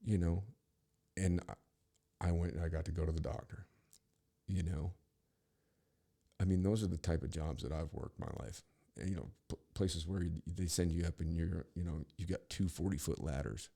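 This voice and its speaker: A man's voice: low-pitched, normal speed, gravelly, dark tone, slightly rough. A man hosting a podcast, telling a rambling, profane story with frequent restarts. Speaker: podcast host. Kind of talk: casual storytelling monologue.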